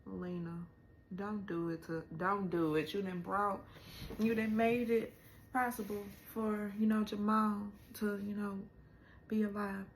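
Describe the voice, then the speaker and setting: Slow-talking emotional woman recapping a show. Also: mid-range voice, little pitch movement, roomy sound, slight background noise. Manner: emotional, retelling scenes with rising exclamations. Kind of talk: casual episode recap.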